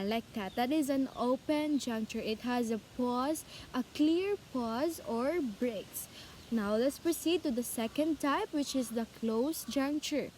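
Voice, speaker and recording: Woman presenter, high voice, unhurried, walks through examples and answers her own questions. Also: a little mellow, slight background noise. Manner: repeats examples, asks questions and answers them herself. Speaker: presenter explaining speech skills. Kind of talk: informal classroom explanation.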